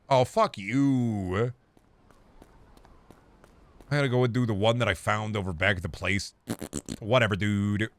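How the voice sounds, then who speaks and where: A young man streams a game from his home setup, talking to himself into a close desk microphone in a rambling, profane way. His voice is lowish and a bit bright.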